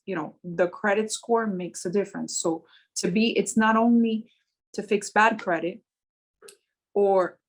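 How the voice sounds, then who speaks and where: A woman who runs a mortgage business, telling stories animatedly in a casual interview and slowing down to stress key points. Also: medium pitch, poor audio.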